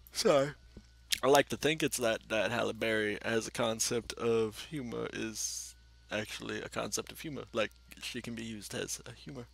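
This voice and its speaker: A man runs casual let's-play commentary for his gaming channel, rambling, swearing freely and talking to himself while playing. He speaks at a moderate pace in a medium-pitched, creaky voice that is fairly bright with a breathy edge.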